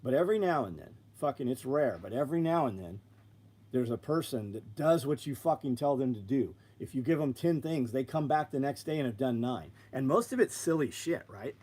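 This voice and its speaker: A man's voice: mid-range voice, animated, fairly quick, dark tone. A man running his own business, telling blunt, profane stories on a live stream and acting out both sides of conversations. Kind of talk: blunt casual storytelling.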